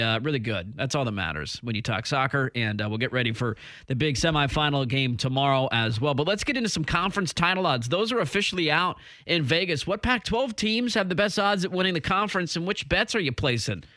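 A male sports radio host with a bright, ringing voice set a little high, joking and quick as he runs through listener texts and betting odds. The studio sound is dry and close to the mic. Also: lively intonation, no echo. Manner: quick, joking banter with laughs.

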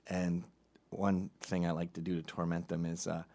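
A man's voice: sits low, monotone, normal speed, dark tone. A middle-aged man doing a profane, sardonic comedy monologue.

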